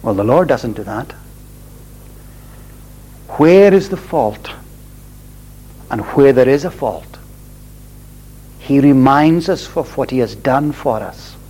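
A man preaching a sermon in a deliberate, emphatic way, repeating phrases and stressing key words. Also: medium pitch, animated, mellow, slightly rough, rough recording.

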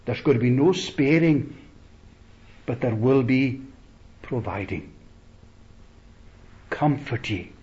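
A man preaching a sermon slowly and deliberately, rising to emphatic peaks and letting phrases trail off softly. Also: mid-range voice, lively intonation, lo-fi sound.

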